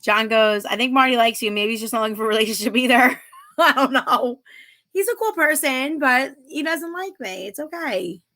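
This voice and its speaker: A woman's voice: on the high side, animated, normal speed, bright, forceful tone. A woman in her thirties hosting a casual livestream, reading viewer comments aloud and chatting, giggling often. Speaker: livestream host.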